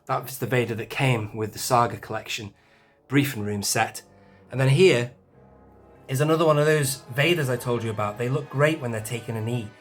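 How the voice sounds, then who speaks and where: A man's voice: medium pitch, brisk, soft background music. A man, casually touring his toy collection shelves in a chatty, self-deprecating way. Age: 40s. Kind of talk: casual shelf tour.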